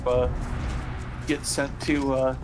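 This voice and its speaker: A man co-hosting a casual gaming chat, speaking hesitantly with many pauses. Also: medium pitch, level tone, noisy background. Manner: hesitant, lots of uh fillers. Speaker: podcast co-host.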